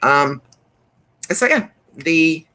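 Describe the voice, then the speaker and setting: Brief: female craft demo host, relaxed slow pace, chatty and full of fillers. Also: sits low. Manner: chatty, rambling, with many fillers and restarts. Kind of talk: casual crafting demonstration.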